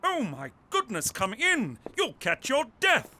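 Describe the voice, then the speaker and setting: Fussy cartoon stickler, high and bright. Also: male voice, wildly swooping pitch, exaggerated voice. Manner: prissy, fastidious. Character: fussy prim male host laying down rules. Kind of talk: adult cartoon voice acting.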